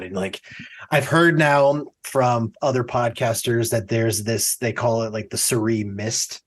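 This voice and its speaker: A man's voice: mid-range voice, moderate pace, husky. Chatty male podcast co-host. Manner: chatty, acts out quotes from the show; self-described easy crier. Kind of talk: casual podcast chat.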